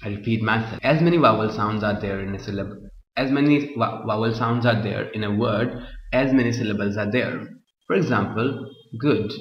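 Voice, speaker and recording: A man teaching a grammar lesson, repeating his points and checking with the class again and again. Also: medium pitch. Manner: repeats points, keeps asking "Clear?". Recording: muffled echoey room, voice drifting from mic.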